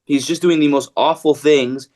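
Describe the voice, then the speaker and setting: A man being interviewed as an actor, talking casually with lots of fillers and restarts. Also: fairly high pitch. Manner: relaxed, halting with many restarts and fillers.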